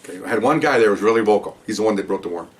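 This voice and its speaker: Older ex-cop storyteller, low voice, rapid delivery, acts out the dialogue, mic set back a bit. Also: male voice, distant mic. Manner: animated storyteller who acts out dialogue and asks rhetorical questions. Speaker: retired police supervisor telling stories. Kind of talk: podcast storytelling.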